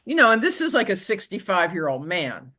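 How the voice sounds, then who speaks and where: A woman telling her own story as an interview guest, in a halting way with frequent restarts and "you know". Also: mid-range voice, big pitch swings, pushed and bright. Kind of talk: conversational personal storytelling.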